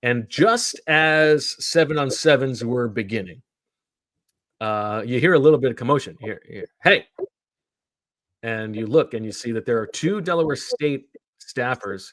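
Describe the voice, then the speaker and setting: A man hosting a sports podcast in casual chat, telling stories in an animated way. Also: mid-range voice, measured pace, no room sound. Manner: animated storyteller.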